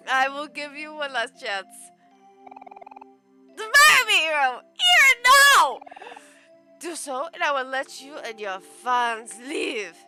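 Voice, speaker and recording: A woman's voice: high-pitched, a little slow, hardly any pauses, voice pushed up. A woman voicing a vain, theatrical princess boss in a put-on mixed German and French accent, with pompous, grandiose delivery. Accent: put-on mix of German and French. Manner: pompous, grandiose, self-adoring declarations. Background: game music.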